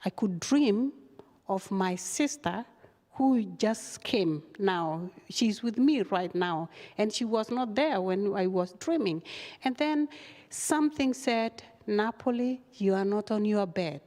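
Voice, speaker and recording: Woman guest, halting speech with lots of fillers, talk recorded in a hall. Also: mid-range voice. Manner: halting, many fillers, animated retelling. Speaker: guest, refugee activist. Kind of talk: casual interview storytelling. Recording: long hall reverb.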